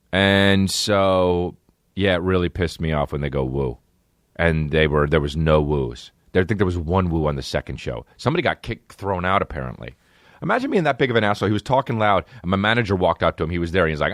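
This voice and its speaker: Low-pitched yet fairly bright, the man talks quickly and animatedly in a dry, studio-quality recording. As host of his own podcast, he rambles, swears casually, and breaks into mocking put-on voices during his monologue.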